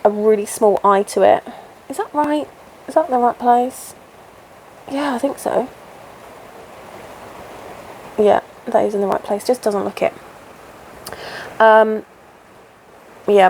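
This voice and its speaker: A woman in her thirties hosting a relaxed stitch-along chat at home, rambling and interrupting herself as she works. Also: medium pitch, moderate pace, vocal fry, long pauses, slight background noise. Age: 30s. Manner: chatty, rambling, self-interrupting. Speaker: crafting channel host. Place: home, indoors.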